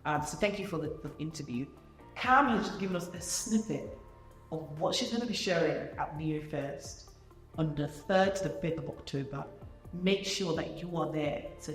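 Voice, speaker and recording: A woman with a notably low voice hosts a conversation, encouraging her guest and talking with fillers and restarts. The room is echoey, with faint music in the background. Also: normal speed. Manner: affirming, many fillers and restarts. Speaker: interviewer and event host. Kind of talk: warm conversational interview.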